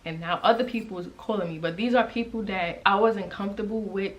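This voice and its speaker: A young woman telling a personal story to her viewers in a casual, emotional way, halting with many restarts. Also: medium pitch, rough recording. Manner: conversational and direct to viewers. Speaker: vlogger.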